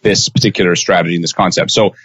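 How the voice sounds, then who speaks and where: A man hosting an interview podcast, talking in an energetic, casual way. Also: sits low, fast, slightly rough, no echo, dull audio. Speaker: podcast host.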